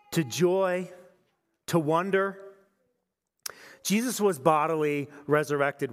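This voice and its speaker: Man preaching in a reverberant hall. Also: on the high side. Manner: conversational storytelling preaching. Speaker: pastor. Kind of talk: sermon.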